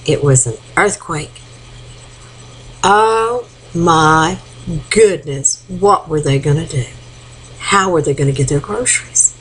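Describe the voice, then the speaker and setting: An older woman telling a folk tale to her grandchildren, animated and often sinking into a hushed whisper. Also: mid-range voice, measured pace, slight background noise, poor audio. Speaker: grandmother storyteller.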